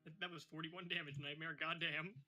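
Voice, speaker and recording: A man's voice: fairly high pitch, flat delivery, a little fast, bright, forceful tone, soft background music. A man playing a tabletop game online, casually swearing as he rolls and adds up damage. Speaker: player. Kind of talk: casual play chat.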